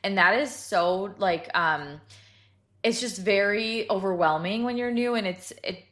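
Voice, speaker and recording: A woman's voice: mid-range voice, measured pace, a bit bright. A woman co-hosting a podcast in casual chat, rambling with lots of fillers. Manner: chatty, rambling with many fillers. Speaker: podcast co-host. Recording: echoey room.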